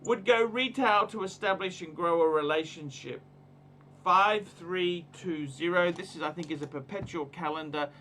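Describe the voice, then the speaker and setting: A man's voice: a little high, moderate pace, bright, forceful tone, slight background noise. A man hosting a casual livestream, giving emphatic, repetitive, ranting advice. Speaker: livestream host.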